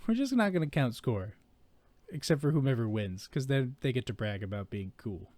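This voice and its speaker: A man's voice: medium pitch, animated, normal speed, warm tone, no echo. A man co-hosting a podcast in casual chat, joking, laughing often and rambling with fillers. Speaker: podcast co-host.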